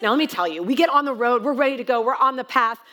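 A woman's voice: on the high side, expressive, fast, a bit bright. A woman guest pastor giving a sermon, telling a story in a chatty, self-mocking way.

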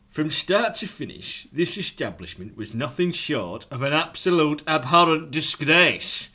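A man's voice: on the high side, pushed and bright. A man co-hosting a podcast in casual chat, reading reviews aloud in a dry, mock-pompous way. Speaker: podcast co-host.

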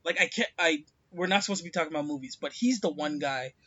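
A man co-hosting a podcast, talking in an excitable, casual way with lots of filler words. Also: on the high side, fast talker, muffled recording. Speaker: podcast co-host. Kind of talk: casual chat.

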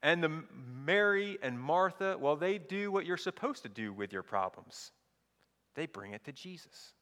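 A man's voice: a little high, animated, measured pace, fairly bright tone, big-room sound. A male pastor reading scripture aloud and preaching a sermon, asking the listeners rhetorical questions.

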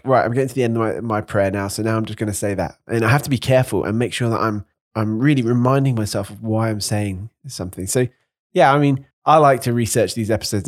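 A man's voice: medium pitch, no echo, studio quality. A man co-hosting a podcast about faith, chatting casually and joking wryly, often restarting his phrases. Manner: wry, joking, self-correcting restarts. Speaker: podcast co-host. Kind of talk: casual chat.

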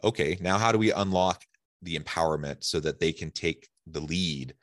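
Deep-voiced podcast host framing questions. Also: male voice, normal speed, a bit bright, no echo, clean studio sound. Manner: thoughtful, restarts sentences while framing questions. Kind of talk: conversational interview.

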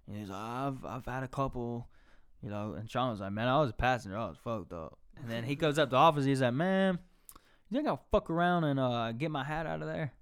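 Young man, smooth and clear, spins rowdy stories with acted-out quotes for a podcast. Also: medium pitch, brisk. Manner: animated storytelling, swearing, acting out quotes. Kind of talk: casual podcast chat.

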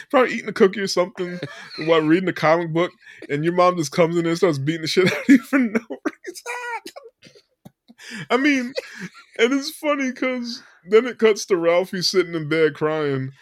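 A man's voice: sits high, moderate pace, no room sound, clean studio sound. A man co-hosting a podcast, retelling a film scene by scene with frequent laughter and acted-out quotes. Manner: animated storyteller, laughs often, acts out quotes. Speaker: podcast co-host. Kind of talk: casual movie recap chat.

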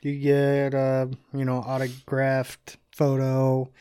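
A man's voice: mid-range voice, monotone, slow pace, warm tone, clean tone, no room sound, clean studio sound. A man co-hosting a podcast, reading out listener questions and joking around in casual banter. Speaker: podcast co-host.

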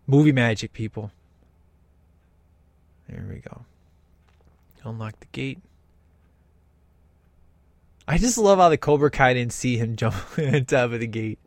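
Man, enthusiastic casual film commentary, medium pitch, dry sound. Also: a little slow, long pauses, dry recording. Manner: excited, enthusiastic, imitates characters. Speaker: host reacting to a film. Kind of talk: casual watch-along commentary.

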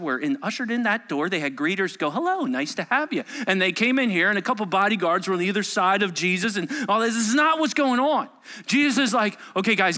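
A man preaching a sermon, telling stories with lively acted-out voices and swinging from loud exclamations to hushed asides. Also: sits high. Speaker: pastor.

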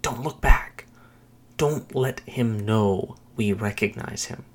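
A woman's voice: very deep voice, fairly even intonation, moderate pace, gravelly, slightly rough, heavily acted. A man voicing a tough young woman, clipped and urgent. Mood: urgent hiss. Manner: clipped, hushed commands.

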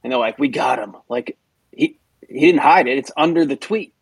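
A man with a husky voice trades remarks in a relaxed podcast conversation. His sound is dry and close, with no room around it. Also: fairly high pitch, moderate pace, dry recording. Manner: chiming in with pointed follow-up remarks. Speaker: podcast co-host. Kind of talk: casual chat.

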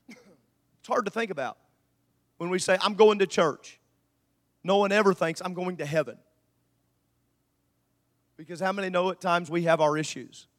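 Man, pastor preaching, very high pitch, swings from quiet to shouting. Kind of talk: sermon.

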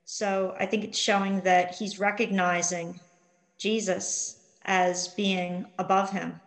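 A woman's voice: mid-range voice, little pitch movement, takes it slowly, poor audio. A middle-aged woman co-hosting a live online Bible study, reading scripture and viewer comments aloud with frequent ums. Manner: warm greetings, reads viewer comments aloud with many ums.

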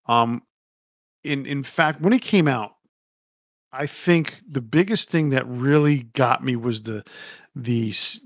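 A man's voice: mid-range voice, a bit bright, no echo, clean studio sound. A man co-hosting a casual podcast, rambling and opinionated, swearing casually as he talks. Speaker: podcast co-host.

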